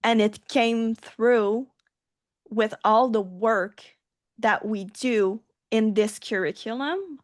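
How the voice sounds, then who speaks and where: Slow, earnest woman sharing her story. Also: a little high, dry recording, clean studio sound. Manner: earnest and halting, with restarts. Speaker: guest. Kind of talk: personal testimony in an interview.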